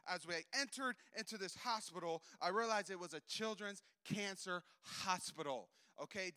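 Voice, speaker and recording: A man giving a missionary testimony as a sermon, telling his story with loud bursts and soft asides and acting out the dialogue in quoted voices. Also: high voice, clean tone. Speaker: missionary preacher.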